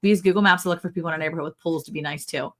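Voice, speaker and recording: Woman, lowish voice, rambling livestream co-host, chatty, self-correcting. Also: rapid-fire, fairly bright tone. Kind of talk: casual live-stream chat. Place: home ranch livestream.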